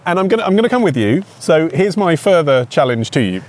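Guy hosting a podcast, teasing, bouncy lively voice. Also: on the high side, fairly quick. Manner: playful, teasing, animated storytelling. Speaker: podcast host. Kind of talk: casual chat.

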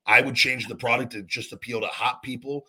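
A man's voice: medium pitch, steady tone, brisk, pushed and bright, husky. A man hosting a casual podcast, talking in a rambling, heated and profane way. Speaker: podcast host.

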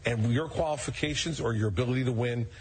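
A man giving a measured, critical political comment in a news interview clip. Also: mid-range voice, slightly rough.

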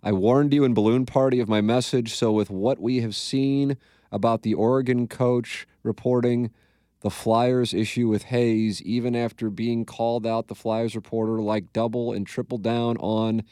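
A man's voice: medium pitch, steady tone, moderate pace, warm tone, dry recording, clean studio sound. A middle-aged man hosting a radio-style podcast, telling profane, self-mocking stories in casual chat. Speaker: radio show host.

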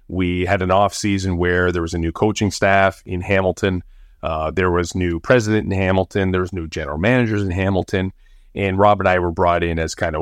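A low-pitched, middle-aged man from Canada tells a story as an interview guest. He talks like a former pro athlete looking back, and he animates the voices he quotes. The sound is close and dry, with no room around it. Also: no room sound. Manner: animated, acts out quoted voices when recounting.

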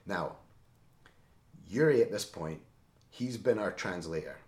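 A man telling a story in a casual, animated way, often tagging his lines with "right?". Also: low voice, measured pace. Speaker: interview guest. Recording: roomy echo.

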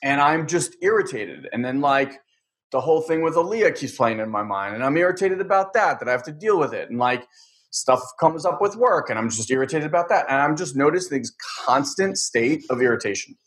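A man's voice: a little high, lively intonation, a little fast, a bit bright. Candid rambling man telling a story. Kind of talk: casual chat.

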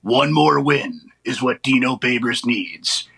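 A man putting on a dramatic movie-trailer narrator voice, slow and weighty. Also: mid-range voice, lively intonation, vocal fry, a bit bright, husky, pitched below the performer's own voice, heavily acted. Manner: slow, weighty, deliberate delivery.

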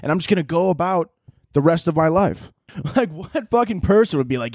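A young man hosting a casual solo podcast, telling stories in a profane, laughing, animated way. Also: fairly high pitch, fairly quick, no echo, studio quality. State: out of breath. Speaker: podcast host.

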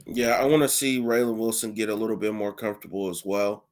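A man's voice: lowish voice, a little fast. Man, podcast co-host, casual sports chat, upbeat, short replies.

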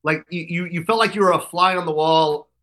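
Man, middle-aged, bright tone, animated storyteller, mimics voices, podcast studio mic. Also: on the high side, a little fast. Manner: animated, acts out other people's voices in stories. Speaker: guest comedian. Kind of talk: casual storytelling chat.

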